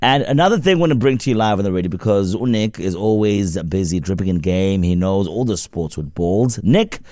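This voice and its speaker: Playful male radio host, low-pitched and very animated in inflection, dry studio sound. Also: brisk, no room sound. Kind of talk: casual radio banter.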